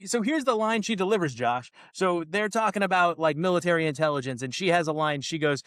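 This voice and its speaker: Man, high voice, exasperated ranting, podcast co-host, dry close mic. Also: animated, normal speed, pauses often, a bit bright, no echo. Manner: ranting, exasperated, quotes lines in mocking voices. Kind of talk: casual movie review chat.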